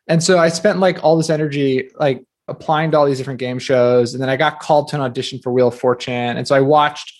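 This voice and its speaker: A man in his thirties from New Jersey, a guest author talking casually in an interview, quick and filler-heavy with a self-deprecating streak. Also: mid-range voice, steady tone.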